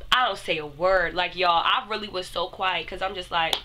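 A woman's voice: on the low side, normal speed, few pauses, bright, forceful tone, poor audio. A young woman telling a casual storytime to her viewers in a chatty way, speaking straight to them.

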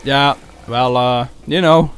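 A man casually chatting during a co-op game, jumping between loud excited yelps and low mumbling. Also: slow pace, a little hiss or hum. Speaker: gamer playing co-op. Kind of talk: casual co-op gameplay banter.

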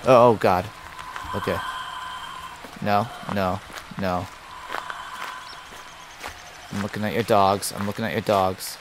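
A man playing a horror game, jumpy and swearing, reacting out loud to what happens on screen. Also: on the low side, little pitch movement, takes it slowly, long pauses, noisy background. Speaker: gaming streamer.

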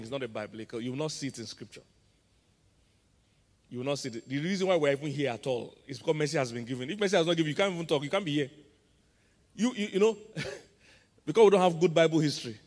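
Nigerian pastor preaching in a reverberant hall. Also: male voice, fairly high pitch, a little mellow. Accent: Nigerian English. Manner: call-and-response preaching, quizzing the congregation. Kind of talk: sermon. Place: large church auditorium. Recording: long reverb of a large church hall.

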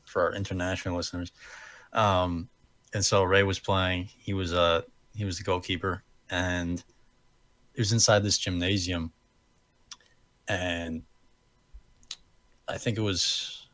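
A man's voice: low-pitched, a bit bright, no room sound. A young American man co-hosting a podcast, telling a story in a rambling, self-correcting way and laughing at himself. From United States. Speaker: podcast co-host. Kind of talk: casual storytelling chat.

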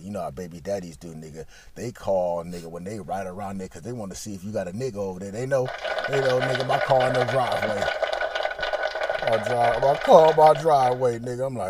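Dude rambling through a dirty story, swears a lot, goes quiet then loud, noisy background. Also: male voice, on the low side, fairly quick. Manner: rambling, profane, swings from mutters to loud bursts. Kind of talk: crude casual storytelling.

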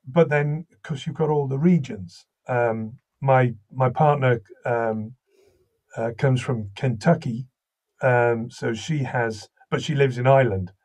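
Husky man with a slight Welsh accent. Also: mid-range voice, slow. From Wales. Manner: animated anecdotal storytelling, many restarts. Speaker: voice actor and audiobook narrator. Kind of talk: interview conversation.

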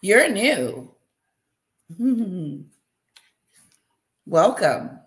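A woman hosting a casual livestream, warmly greeting viewers by name, bubbly and chatty. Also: medium pitch, very animated, extremely slow. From Wisconsin. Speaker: livestream host. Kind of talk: casual live chat with viewers.

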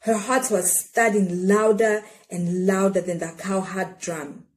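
A woman reads a children's picture book aloud, shaping each phrase expressively. She leans into dramatic pauses at a mid-range pitch. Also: fairly even intonation, soft background music. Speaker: storyteller. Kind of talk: children's storybook read-aloud.

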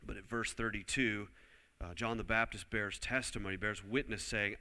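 A low-pitched male preacher with a forceful, bright-edged voice delivers an emphatic sermon. He drives home key lines and has the congregation repeat them. A long reverb trails after his words in a church hall. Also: fairly even intonation, moderate pace.

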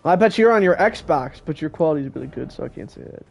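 A man's voice: a little high, expressive, brisk, vocal fry, a little mellow. A teenage boy streaming a video game, joking and chatting casually with friends on a call. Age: teens. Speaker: gaming streamer. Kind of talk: casual live-stream commentary.

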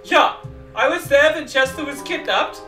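A man's voice: very high-pitched, normal speed, reverberant, recorded from a distance, over music, pitched above the performer's own voice. A squealing sick townsman. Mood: pained. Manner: whiny, pained squealing.

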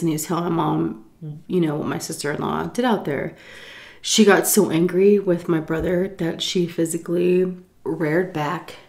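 A woman's voice: fairly low pitch, vocal fry. Casual woman telling a family story. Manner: animated, swearing, acts out quotes loudly. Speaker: storytime vlogger.

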